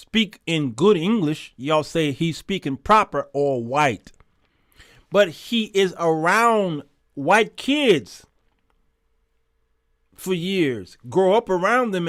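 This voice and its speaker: A man with a slightly high voice hosts a Christian talk show, reading out viewer comments in an emphatic, conversational style and often repeating words. The recording is dry, with clean studio sound.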